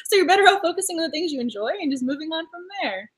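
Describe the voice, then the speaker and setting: A young woman hosts a casual book club discussion with a very high voice. She talks at a rapid clip, gushing effusively and laughing often between thoughts. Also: expressive. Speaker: booktuber host.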